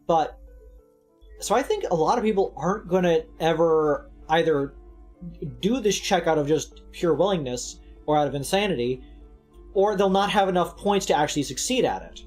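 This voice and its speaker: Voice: mid-range voice, darkish tone. A streamer giving casual, rambling, sarcastic commentary while playing a game, swearing freely. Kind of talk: casual let's-play commentary.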